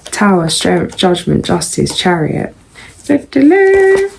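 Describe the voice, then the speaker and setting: A woman doing a casual tarot reading, musing and unhurried, with frequent pauses and ums. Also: sits low, steady tone, creaky, dark tone, slight background noise, rough recording. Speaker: tarot reader.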